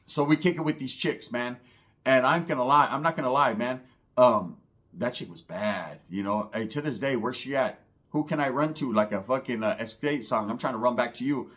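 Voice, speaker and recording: A man's voice: medium pitch, moderate pace, a bit bright. A man telling a comedic story in a profane, slang-heavy, rambling way.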